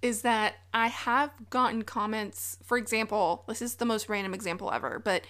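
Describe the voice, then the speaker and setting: A woman's voice: a little high, steady tone, moderate pace, a bit bright. A woman with a Texan accent, co-hosting a casual film podcast, rambling with playful asides. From Texas. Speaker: podcast co-host. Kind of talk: casual chat.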